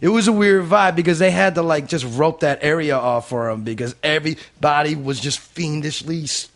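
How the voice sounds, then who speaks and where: A man co-hosting a podcast, chatting casually. He tells stories with animated energy and swears freely. His voice sits somewhat high for a man. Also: normal speed. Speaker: podcast co-host. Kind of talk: casual chat.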